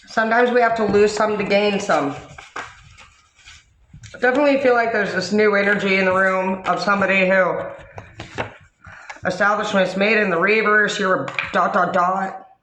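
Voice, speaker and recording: A man's voice: sits high, fairly even intonation, moderate pace, pauses often, bright, forceful tone, a little hiss or hum. A man giving an intuitive reading to his subscribers in a blunt, profane, confrontational way, acting out lines of dialogue. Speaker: online reader addressing subscribers. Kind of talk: intuitive reading monologue to camera. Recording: roomy echo.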